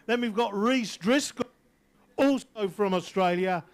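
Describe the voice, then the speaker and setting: A man's voice: sits high, unhurried. An English man announcing live at an outdoor barefoot water ski event, teasing the crowd between jumps. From England. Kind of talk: live sports commentary over a PA.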